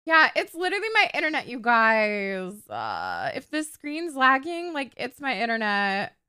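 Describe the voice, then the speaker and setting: A woman in her twenties chatting casually on a live game stream, excitable and swearing freely. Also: a little high, measured pace, clean tone. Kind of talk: casual live-stream chat while role-playing a game.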